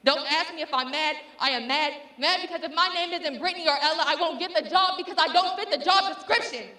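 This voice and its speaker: A woman's voice: sits high, fast, bright, forceful tone, roomy sound. A woman performing a spoken word poem with a rhythmic, impassioned and defiant delivery. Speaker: student poet.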